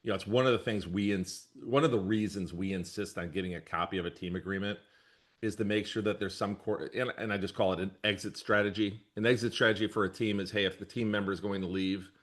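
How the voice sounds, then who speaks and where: A middle-aged man, a brokerage leader answering interview questions in a rambling, easygoing way, often correcting himself and laughing. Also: low-pitched.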